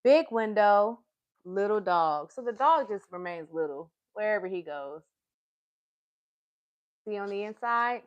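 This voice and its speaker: A woman's voice: medium pitch, expressive, highs cut off. A woman reading a picture book aloud to young children on a live stream, asking them questions along the way. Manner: slow, sing-song, asks the listeners questions. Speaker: children's storytime reader. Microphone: streaming live, close to the device.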